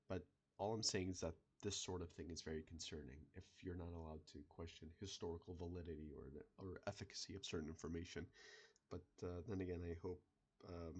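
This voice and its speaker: Low, husky-voiced man rambling. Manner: rambling and halting, with many restarts and fillers; swears in passing. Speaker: video creator. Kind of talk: unscripted solo monologue.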